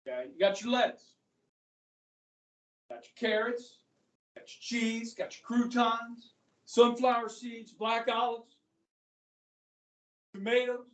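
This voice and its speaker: A man's voice: very high-pitched, slow pace, long pauses. A male history teacher giving a casual, joking classroom lecture and firing rhetorical questions at his students. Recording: echoey classroom, speaker far from the mic.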